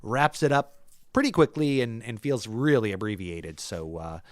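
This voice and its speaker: A man's voice: fairly low pitch, normal speed, no room sound. Rambling man on a dry mic. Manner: rambling, many fillers, trails off quietly. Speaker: podcast co-host. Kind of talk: casual chat.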